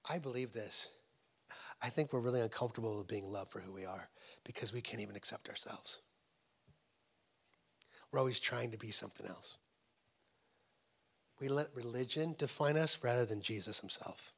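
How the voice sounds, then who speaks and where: A middle-aged man preaching a sermon as a guest pastor at a church service. He repeats phrases for emphasis and swings between urgent, raised points and hushed, near-whispered moments. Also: mid-range voice, moderate pace, creaky, long pauses, slightly rough.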